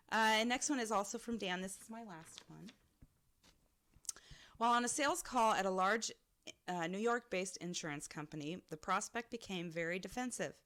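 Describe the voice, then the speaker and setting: A woman co-hosting a podcast, reading out stories that listeners sent in, and laughing often as she goes. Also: medium pitch. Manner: lively, bursts into laughter. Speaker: podcast co-host.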